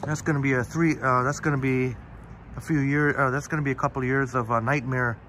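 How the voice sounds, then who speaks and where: A man with a mid-range voice hosts a live-streamed walk through a park, chatting casually and reading viewers' comments aloud by name as he answers them. He speaks a little fast in a steady tone, and his voice is a bit bright. The audio comes from a phone on the live stream and carries a little hiss or hum.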